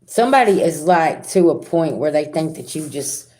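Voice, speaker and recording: A middle-aged woman, a spiritual reader talking casually and directly to her viewers in a rambling, animated way. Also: low voice, moderate pace. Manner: animated, rambling, talks straight to viewers with asides. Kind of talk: casual direct-to-camera talk.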